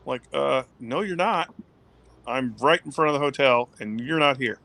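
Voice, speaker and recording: A man's voice: medium pitch, normal speed, creaky, no room sound, poor audio. A man in his thirties, a former ballplayer, telling a casual story with lots of swearing, acting out the lines of the people in it. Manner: animated, swearing, acts out quotes. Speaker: guest, former pitcher.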